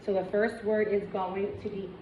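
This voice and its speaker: A woman's voice: mid-range voice, flat delivery, normal speed. Encouraging woman teaching a reading lesson. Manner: clear, encouraging, step-by-step instruction. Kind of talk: demonstration lesson with teacher commentary. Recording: echoey room, dull and noisy sound.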